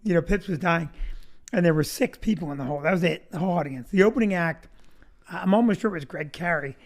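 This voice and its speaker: A middle-aged man hosting a podcast, chatting casually and telling stories in an animated way. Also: a little high, fast. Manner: animated storyteller. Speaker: podcast host, comedy club owner. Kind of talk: casual interview chat.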